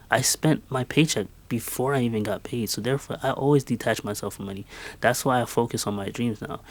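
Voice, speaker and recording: A man in his twenties giving an earnest, emphatic motivational monologue with lots of repetition. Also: mid-range voice. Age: 20s. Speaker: podcast host.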